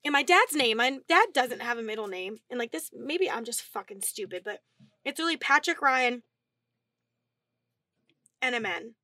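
A woman's voice: a little high, normal speed, pauses often, no echo, studio quality. A young adult woman co-hosting a podcast, telling stories in casual chat and swearing freely. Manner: animated storyteller, swears freely. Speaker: podcast co-host.

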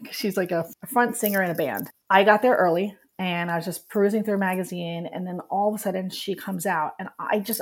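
A woman's voice: on the low side, darkish tone. A middle-aged woman guest telling a personal story candidly and with feeling, laughing at times as she recalls it. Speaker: guest, writer.

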